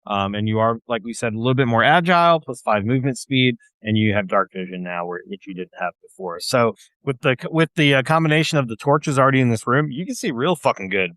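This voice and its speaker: A man's voice: medium pitch, animated, fast talker, few pauses, fairly bright tone, no room sound. A man narrating as game master of a tabletop game, casual and hesitant.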